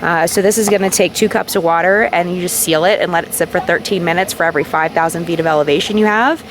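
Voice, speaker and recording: Brief: woman, lowish voice, upbeat explainer, clear outdoor noise behind. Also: fast talker. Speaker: family camper cooking dinner. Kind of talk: casual vlog demonstration. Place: campsite outdoors.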